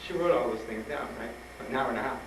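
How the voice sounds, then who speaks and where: A man speaking to students, telling a personal story with animated retellings and frank urging. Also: medium pitch, fast. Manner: animated, acts out dialogue, laughs often. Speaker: guest speaker at a school. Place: school hall with an audience. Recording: roomy old tape from a distant mic, noisy.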